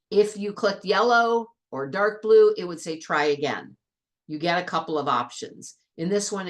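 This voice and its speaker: Low-voiced woman teaching a biology lab. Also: a bit bright. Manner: chatty, patient step-by-step instruction. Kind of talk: classroom lab walkthrough.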